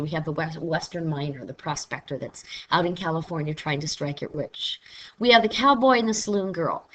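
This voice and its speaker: Lower-voiced woman lecturing on literature. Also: fairly bright tone. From Missouri. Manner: conversational, playfully mimics regional speech. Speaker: literature teacher. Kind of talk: recorded classroom lecture.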